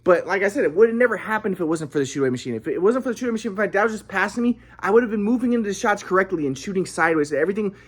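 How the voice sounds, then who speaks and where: A man's voice: high voice, lively intonation, rapid-fire, hardly any pauses, echoey room. A man telling a personal story in a casual, rambling monologue, repeating himself while demonstrating moves.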